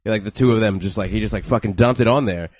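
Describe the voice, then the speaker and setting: A man's voice: fairly low pitch, fast, a little mellow, dry recording. A man co-hosting a podcast, telling a rambling story in a laid-back, casual way and swearing a lot. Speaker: podcast co-host. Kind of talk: casual comedic chat.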